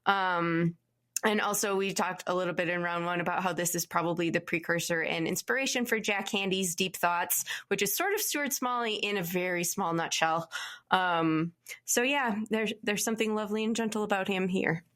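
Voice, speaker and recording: Gentle, musing woman panelist. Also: fairly low pitch, moderate pace. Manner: gentle, musing, many filler ums. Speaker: podcast panelist. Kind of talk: pop culture debate podcast.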